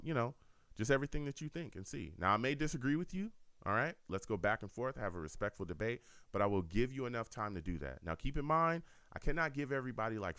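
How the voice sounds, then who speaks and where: A man's voice: sits low, clear, resonant tone, no echo, clean studio sound. A man hosting a fan call-in radio show, talking casually and repeating himself as he speaks straight to listeners. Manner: animated, repetitive, addresses listeners directly.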